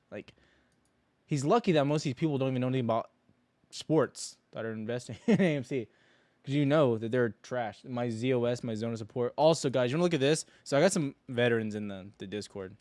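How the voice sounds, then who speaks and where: A man's voice: medium pitch, dry recording. Rambling young man on a livestream. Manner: rambling, joking, slangy, with bursts of loud mockery. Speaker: livestream stock trading host. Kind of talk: casual livestream chat.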